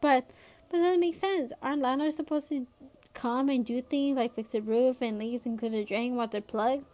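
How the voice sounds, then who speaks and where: Earnest storybook girl, higher and pleading; a woman reads her. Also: normal speed, warm tone, natural voice. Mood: upset. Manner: pleading, eager questions. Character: young girl, earnest and upset.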